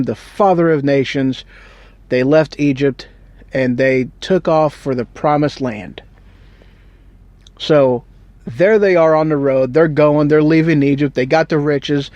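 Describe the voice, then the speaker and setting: A man's voice: a little high, darkish tone, dry recording, highs cut off. A man telling a Bible story in a casual, rambling, joking way with slang. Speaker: Bible teacher.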